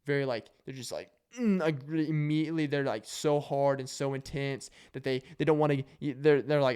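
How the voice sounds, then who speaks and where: This young vlogger spins stories in a loose, jokey, rambling monologue, acting out quotes in shouted voices. He speaks smoothly at a moderate pace, with a medium pitch and few pauses.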